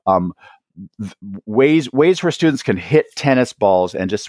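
A man's voice: mid-range voice, unhurried, no echo, studio quality. A man being interviewed as an author on teaching, talking conversationally and often checking in with "right?". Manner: animated, acts out quoted voices, frequent "right?" tags. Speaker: author and education guest.

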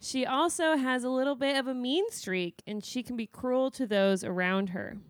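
A woman's voice: high-pitched, moderate pace, no echo, studio quality. A woman co-hosting a casual podcast, playful and laughing mid-sentence. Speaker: podcast co-host.

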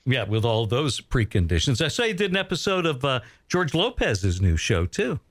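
A man's voice: mid-range voice, big pitch swings, moderate pace. A man hosting a podcast, asking easygoing questions and laughing along with his guest. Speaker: podcast host. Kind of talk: interview questions.

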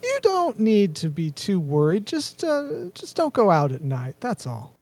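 Nervous Southern innkeeper woman, put on by a man. Drawl, high and dry. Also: huge pitch swings, a little slow, darkish tone, no room sound, heavily acted. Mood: confiding. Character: rural innkeeper woman, nervous, secretive gossip.

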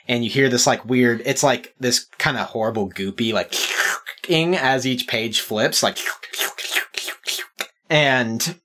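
A man's voice: medium pitch, moderate pace, a bit bright. A man narrating a tabletop game as game master, casual and laid-back.

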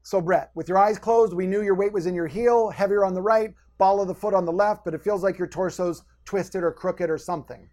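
A man coaching a podcast host through posture fixes, giving energetic step-by-step instructions. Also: sits high, brisk, hardly any pauses.

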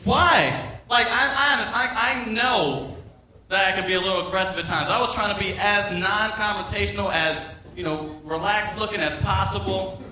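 A man's voice: sits high, moderate pace, bright, forceful tone, slight background noise. Profane stand-up man, echoey club. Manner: profane, rambling, crowd-teasing. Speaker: stand-up comedian. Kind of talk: open-mic stand-up set. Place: comedy club stage with live audience. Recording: echoey room, voice a bit far from mic.

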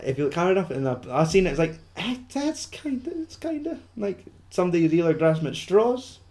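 A man's voice: high voice, big pitch swings, fairly quick, darkish tone. Man, podcast co-host, casual film talk, rambling, swears a lot. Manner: rambling, sweary, lots of fillers.

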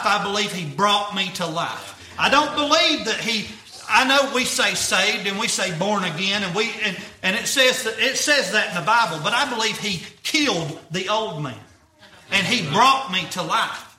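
A young man preaches earnestly. His voice is high and very bright, and he circles back over his phrases in plain folksy speech. It all rings through an echoey church room. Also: expressive, moderate pace. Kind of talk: sermon.

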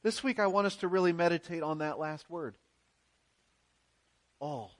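A man's voice: a little high, normal speed, fairly bright tone. A man pastor preaching a sermon in a church, earnest and emphatic, posing rhetorical questions to his congregation.

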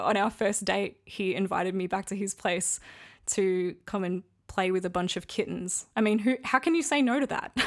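A woman hosting a podcast speaks in a candid, confiding monologue. Her mid-pitched voice carries a noticeable gravelly fry. She talks frankly and casually, as if chatting with a friend. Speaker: podcast host.

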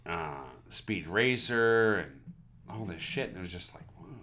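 A low-pitched man co-hosting a casual podcast, his voice rising and falling a lot as he rambles. He is from the American South, swears freely and often trails off to restart a sentence. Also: animated, a little slow, sharp tone. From Southern United States. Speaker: podcast co-host. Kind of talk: casual chat.

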